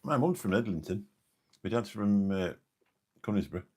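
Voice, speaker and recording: A man's voice: lowish voice, expressive, moderate pace, a little mellow, breathy edge. A man in his fifties with an English accent, a taxi driver chatting late at night on his live stream, rambling and forgetful as he answers viewers' comments.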